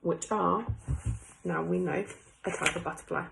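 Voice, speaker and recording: A woman's voice: fairly low pitch, moderate pace, gravelly, fairly bright tone, slight background noise, poor audio. A young woman teacher reading a class book aloud, stopping to ask her pupils questions in a chatty way. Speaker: primary school teacher.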